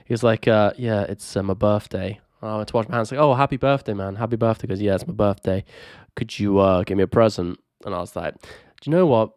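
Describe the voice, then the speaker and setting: A man's voice: lowish voice, steady tone, fast, hardly any pauses, a little mellow, dry recording, clean studio sound. A young man from England, co-hosting a podcast and telling rambling, self-mocking stories full of fillers. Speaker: podcast co-host. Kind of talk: casual chat.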